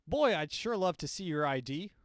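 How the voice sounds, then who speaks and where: A sing-song robot dog cop, chipper and falsely friendly, as a man puts it on, pitched high and clipped. Its lines come out close and dry, with no room around them. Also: animated, moderate pace, dry recording, natural voice.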